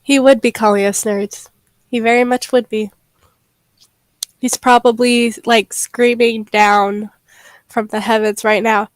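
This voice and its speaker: A young woman streamer chatting casually and haltingly, with many fillers. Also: a little high, little pitch movement, dry recording. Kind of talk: casual livestream chat.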